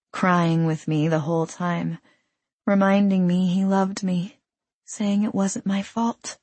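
A woman reading a first-person audiobook in a measured, unhurried storytelling manner. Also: lowish voice, a little mellow, breathy edge, no echo. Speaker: audiobook narrator.

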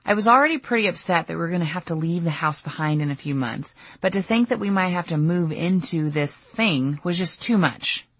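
A woman's voice: fairly low pitch, animated, brisk, few pauses, fairly bright tone, slightly rough, no echo. A middle-aged woman narrating her own audiobook memoir in a candid, storytelling way. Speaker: author reading her memoir.

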